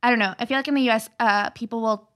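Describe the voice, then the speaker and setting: A woman's voice: a little high, fairly even intonation, very fast, a bit bright. A woman guest on a podcast, talking casually and hesitantly, with many fillers. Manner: hesitant, full of "like" and "um". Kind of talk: casual chat.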